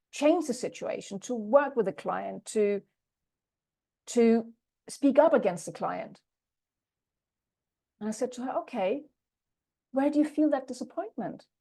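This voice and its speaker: A woman's voice: fairly high pitch, lively intonation, measured pace, creaky, long pauses, dark tone. A middle-aged woman coach giving a talk, earnestly telling coaching stories and acting out the conversations with her clients. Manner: earnest, re-enacts dialogue with clients. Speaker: leadership coach and speaker.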